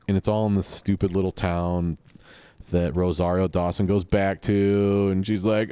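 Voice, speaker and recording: Low-voiced rambling podcast host. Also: male voice, fairly even intonation, normal speed, warm tone, clean tone, no room sound. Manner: rambling, offhand, profane. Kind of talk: casual solo podcast chat.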